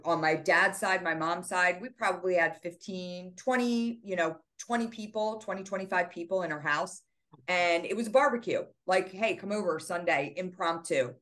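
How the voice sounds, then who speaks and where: A woman's voice: lowish voice, a bit bright. A middle-aged woman, a podcast guest and author, earnestly retelling a painful family loss with many fillers. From United States. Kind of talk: interview storytelling.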